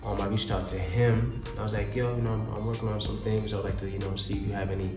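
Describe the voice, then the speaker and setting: Laid-back low-voiced man, echoey room. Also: level tone, quick pace. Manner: laid-back slangy storytelling, laughs often. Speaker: recording artist. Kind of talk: casual interview talk. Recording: echoey room with music playing.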